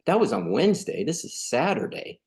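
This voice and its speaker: A man's voice: on the high side, big pitch swings, a little fast, a little mellow. A middle-aged man from California, a podcast guest telling a personal story in a casual, earnest way, acting out the dialogue. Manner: earnest, conversational, acts out quoted dialogue.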